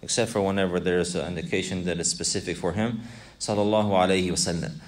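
Male religious teacher, deep voice, repeats himself, quizzes the class. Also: steady tone, quick pace. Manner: repetitive, asks students questions, mixes Arabic recitation. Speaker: Islamic teacher. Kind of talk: classroom lesson explaining a text.

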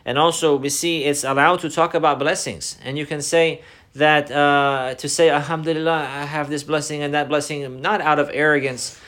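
A man's voice: fairly high pitch, little pitch movement, a bit bright. A man teaching an Islamic religious lesson, repeating key phrases and weaving Arabic phrases into his English. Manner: repeats key phrases, deliberate explanatory delivery.

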